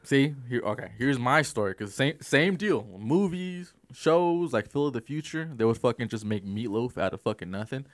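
A man's voice: medium pitch, lively intonation, moderate pace, few pauses, no echo, clean studio sound. A young man telling a casual, swear-filled story in a laid-back way, often laughing.

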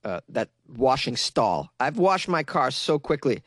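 A man's voice: medium pitch, very animated, a little slow, fairly bright tone, no echo. A young man from Massachusetts with a Massachusetts accent, riffing sarcastically on an odd news story and laughing at his own jokes. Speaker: comedic news commentator.

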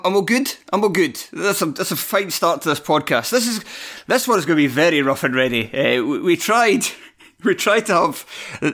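A man's voice: on the high side, a bit bright. A Scottish man hosting a casual football podcast, self-deprecating and swearing when exasperated. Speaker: podcast host.

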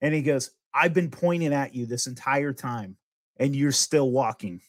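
A young adult man telling a spooky story in casual chat, animated and full of fillers and laughs. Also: mid-range voice, normal speed. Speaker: podcast host.

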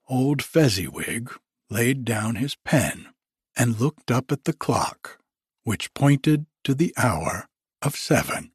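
A man narrating a classic story with slow, measured delivery. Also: mid-range voice, expressive, husky, no echo, studio quality. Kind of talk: storybook reading.

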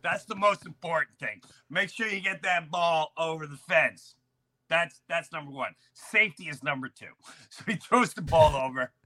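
Male host, bright and tense tone, lively storyteller who acts out quotes. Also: on the high side, moderate pace. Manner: animated, acts out shouted quotes. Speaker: podcast host. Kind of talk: storytelling in casual chat.

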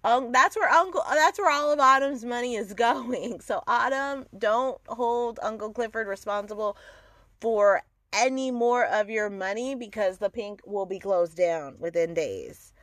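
A woman's voice: fairly high pitch, measured pace, a bit bright, no echo. A woman from the American South hosting a podcast, giving candid, profane, opinionated commentary on a TV series and laughing often. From Southern United States. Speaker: podcast host reviewing a TV series. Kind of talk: casual solo podcast commentary.

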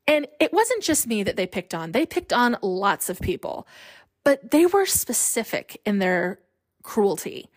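A woman's voice: fairly high pitch, no room sound, studio quality. A woman in her thirties hosting a podcast, telling personal stories in a candid, self-deprecating way. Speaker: podcast host. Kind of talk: personal storytelling.

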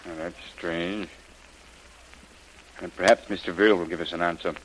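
Here a low-pitched man plays a concerned governor of middle age, steady and paternal, pausing hesitantly as he speaks. It's 1930s-style radio acting, and the hissy old recording makes for poor audio.

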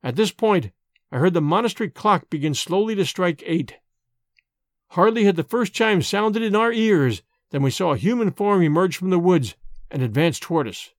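A man narrating a classic ghost story in an expressive, old-fashioned storybook reading. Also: high voice, normal speed, no room sound. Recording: dry close recording with faint music.

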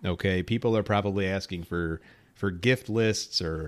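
A man's voice: low-pitched, moderate pace. A man in his late thirties hosting a podcast, talking straight to his listeners in an emphatic, persuasive way. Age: 30s. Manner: emphatic, animated, addresses listeners directly. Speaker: podcast host. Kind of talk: solo podcast talk.

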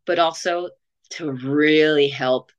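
A woman's voice: low voice, fairly even intonation, takes it slowly, lo-fi sound. A woman in her forties telling her story in an interview, earnest and chatty, with frequent restarts and filler words. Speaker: interview guest, marathon runner.

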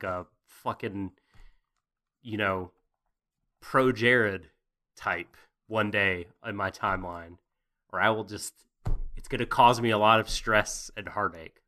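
Man, low voice, bright forceful tone, profane, jokey, rambling recap chat. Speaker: podcast co-host. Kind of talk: casual anime recap chat.

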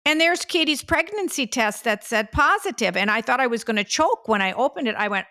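A middle-aged woman recounting a family moment, quoting herself as she goes. Her voice has a gravelly fry, and the recording is dry and close. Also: fairly high pitch, lively intonation, brisk, few pauses, dry recording. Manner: warm, chatty storyteller, quotes herself. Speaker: guest, the co-host's mother. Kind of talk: casual storytelling.

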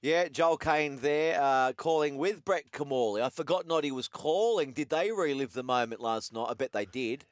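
A man's voice: on the high side, normal speed, hardly any pauses, no room sound, clean studio sound. A man with an Australian accent hosting a talkback radio show, chatty and laid-back, putting questions to callers and his co-host.

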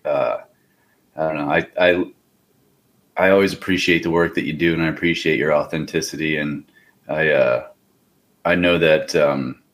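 A man's voice: very deep voice, steady tone, normal speed, long pauses, fairly bright tone. A man from central Pennsylvania, a strength coach guest, talking in an easygoing, chummy way. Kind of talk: casual podcast chat.

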